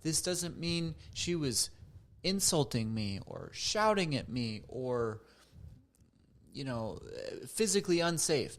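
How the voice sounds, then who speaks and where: A man's voice: on the high side, animated, unhurried. A man in his thirties, a counselor speaking earnestly to camera, livening up when he quotes others. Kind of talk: reflective monologue to camera.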